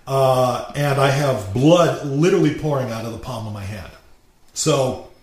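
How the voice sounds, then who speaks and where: A man's voice: mid-range voice, unhurried. Man, casual storytelling, blunt and profane, echoey recording. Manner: plainspoken, swears casually. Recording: roomy echo with faint hiss.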